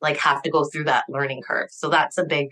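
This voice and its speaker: A woman's voice: deep voice, flat delivery, brisk, sharp tone. A woman chatting casually as a podcast guest, upbeat and laughing often, with lots of "like" fillers. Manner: upbeat, laughs often, acts out voices in quotes; many "like" fillers. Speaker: guest, accountant and bookkeeping coach.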